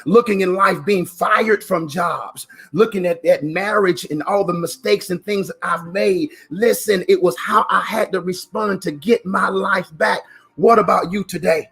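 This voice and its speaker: A man giving an emphatic motivational talk, repeating phrases and sometimes rising to a shout. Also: sits high, a little slow, vocal fry, breathy edge. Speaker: motivational speaker.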